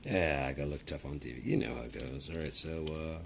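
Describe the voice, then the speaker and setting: Fast and gravelly, a bass-voiced vlogger rants at the camera with plenty of profanity and rambling. Slight background noise can be heard.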